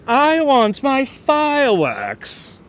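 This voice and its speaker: A man putting on a snooty, whiny voice of a wealthy older resident complaining, slow and drawn out, outdoors with faint street noise. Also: very high voice, wildly swooping pitch, fairly bright tone, voice pushed up, exaggerated voice. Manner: posh put-on accent, drawn-out whining.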